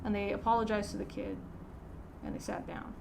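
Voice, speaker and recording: A woman's voice: medium pitch, flat delivery, brisk, creaky, noisy background. A middle-aged woman, a teacher, chatting casually and telling a rambling story, often restarting her sentences. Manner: rambling, self-correcting, laughs while telling stories. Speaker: podcast host answering a listener.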